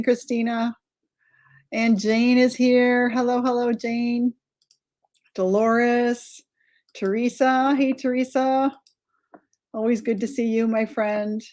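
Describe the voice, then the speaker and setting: A woman's voice: on the high side, a little mellow. A middle-aged woman hosting a live-streamed craft tutorial, chatting casually, greeting viewers by name and often wandering off-topic and correcting herself. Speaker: art tutorial host.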